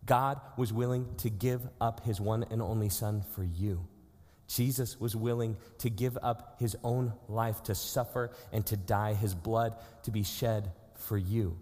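A man in his thirties preaches in an earnest, conversational way, mid-pitched and steady. His voice carries a long reverb, as if from a church sanctuary. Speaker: pastor. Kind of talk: sermon.

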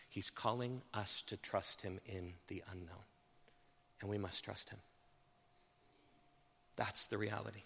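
Animated male pastor preaching in a hall. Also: on the low side, vocal fry. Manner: swings from hushed, slow emphasis to loud, fast, animated asides. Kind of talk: sermon.

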